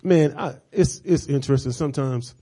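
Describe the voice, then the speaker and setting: A middle-aged male preacher delivering a sermon, moving from casual asides to fervent, repeated call-and-response shouting. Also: mid-range voice, normal speed, slightly rough. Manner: repeats phrases for emphasis, casual conversational asides.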